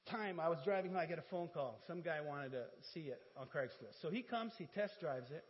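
A man preaching in a church and telling a personal story, animated and humorous, acting out conversations. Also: a little high, fairly quick. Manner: animated, acts out dialogue with humor. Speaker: pastor. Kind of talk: sermon storytelling. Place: church sanctuary. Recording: dull, reverberant church audio.

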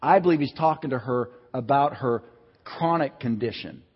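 A man preaching a sermon in a lively, conversational way, swinging between loud and soft delivery. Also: medium pitch, normal speed, breathy edge. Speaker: pastor. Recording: dull sound with long hall reverb.

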